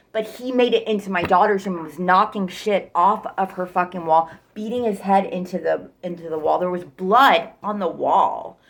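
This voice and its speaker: A woman's voice: fairly low pitch, vocal fry, fairly bright tone. A woman telling her own story casually and bluntly, rambling and swearing freely.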